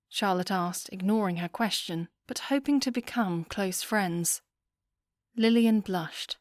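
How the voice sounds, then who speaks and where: Woman, audiobook narrator, calm even telling, dry close sound. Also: medium pitch, measured pace, no room sound.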